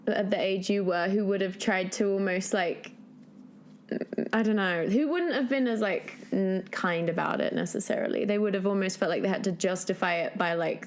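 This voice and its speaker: Dry, deadpan young woman on a podcast. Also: medium pitch. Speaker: podcast co-host. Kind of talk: casual chat.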